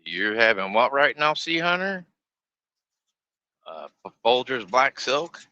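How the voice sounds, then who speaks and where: A man's voice: medium pitch, sing-song, slow pace, bright, forceful tone, no echo, dull audio. A man streaming live from his truck, chatting in a folksy, grumbling way and laughing often. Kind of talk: casual live-stream chat. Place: inside a semi truck cab.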